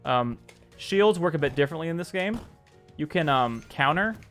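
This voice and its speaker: Male streamer, upbeat and chatty, slightly high voice, faint music underneath. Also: animated, normal speed, a bit bright. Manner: upbeat, chatty, thanks viewers by name. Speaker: streamer and indie game developer. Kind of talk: casual live-stream commentary.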